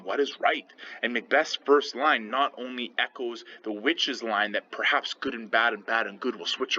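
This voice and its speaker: A man's voice: medium pitch, bright, forceful tone, lo-fi sound. A man teaching a play in a casual lesson, retelling its lines in everyday slang with many fillers. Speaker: English teacher.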